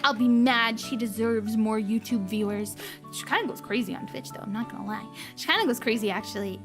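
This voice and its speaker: A woman with a high, light voice talks casually to her stream audience. She gushes and giggles, her voice wobbling as if close to tears. Soft music plays faintly behind her. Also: fairly quick. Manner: gushing, emotional, giggly. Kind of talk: casual livestream chat.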